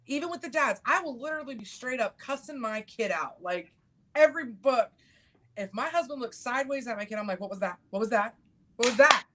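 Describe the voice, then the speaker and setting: A woman's voice: on the high side, lively intonation, a little fast, fairly bright tone. Blunt, cussing middle-aged woman host. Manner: blunt, swears freely, acts out quotes. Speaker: podcast host. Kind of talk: casual chat.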